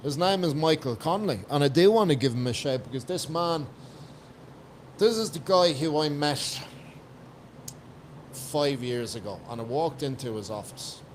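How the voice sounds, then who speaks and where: A man's voice: a little high, lively intonation, moderate pace, slight background noise. An Irish man from Ireland, a guest coach on a podcast, talking in a blunt, emphatic way and swearing freely. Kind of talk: casual podcast chat.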